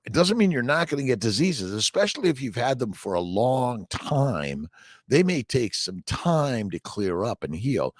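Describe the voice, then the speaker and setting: Middle-aged man, deep voice, swinging intonation, rambling motivational livestream chat, dry close sound. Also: no echo. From Southern California. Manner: rambling, upbeat, motivational, many fillers. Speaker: doctor hosting a morning livestream. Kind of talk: casual livestream chat answering viewer comments.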